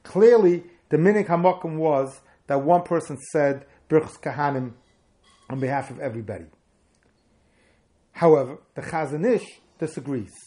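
A man's voice: a little high, normal speed, mellow. A man teaching Jewish law in a Talmudic lecture. He explains each point patiently, with the sing-song rise and fall of the study hall. He stresses the key words as he builds his argument.

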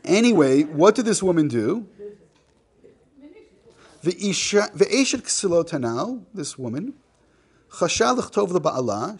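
A man's voice: high voice, big pitch swings, measured pace, pauses often, breathy edge. A man teaching a class, reading a text aloud, translating it line by line and joking with the students. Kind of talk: classroom lecture.

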